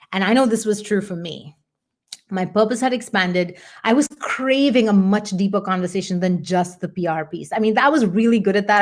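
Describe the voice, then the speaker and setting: A middle-aged woman coach giving a candid motivational talk, earnest and animated, acting out her own past thoughts. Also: medium pitch. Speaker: business coach.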